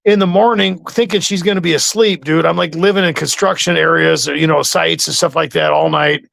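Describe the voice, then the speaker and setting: A male interview host tells a rambling story in a loose, conversational way, with a gravelly rasp in a fairly high voice. The sound is close and dry. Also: fairly even intonation, brisk, a bit bright, no room sound. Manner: rambling storytelling with many restarts.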